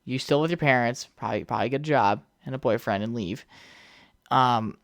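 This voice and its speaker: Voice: mid-range voice, brisk, vocal fry, no echo, clean studio sound. A young adult hosting a solo podcast, telling rambling stories with plenty of swearing and side remarks. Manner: rambling, heavy swearing, chatty asides. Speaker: podcast host. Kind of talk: casual solo podcast storytelling.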